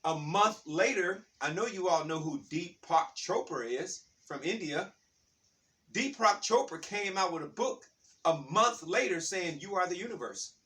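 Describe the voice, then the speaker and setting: A man telling a rambling, animated story in a casual spiritual talk, with many restarts. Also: sits high, a little slow, recorded from a distance.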